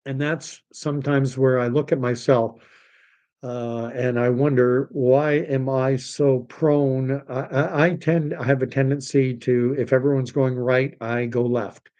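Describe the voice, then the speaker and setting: Man, middle-aged, from Canada, livestream host, rambling, contrarian, mid-pitched voice. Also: steady tone, a little slow, darkish tone. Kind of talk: casual livestream commentary.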